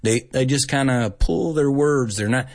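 A male radio host giving a casual English lesson on air, chatty and animated, dropping in Spanish asides. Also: medium pitch, a little slow.

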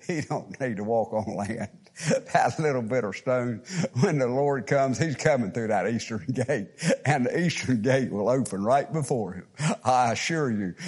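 A man's voice: medium pitch, a little mellow, breathy edge. A man preaching a fervent sermon, chuckling often and repeating phrases with rising fervor.

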